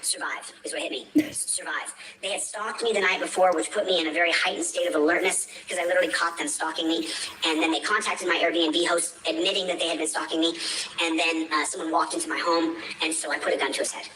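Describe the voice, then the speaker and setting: A man's voice: on the high side, little pitch movement, fast talker. A man telling a rambling story in an emphatic manner, repeating himself, heard from a played stream clip. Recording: echoey, distant, faint hiss.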